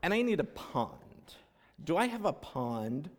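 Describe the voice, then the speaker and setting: A man leading a congregation, moving between reflective reading and playful, encouraging storytelling. His voice sits a little high for a man and swings widely in pitch. A long reverb trails his words through a large sanctuary. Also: sing-song, unhurried. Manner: encouraging, playful, makes animal noises to cue the congregation. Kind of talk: reading aloud and leading a participatory children's story.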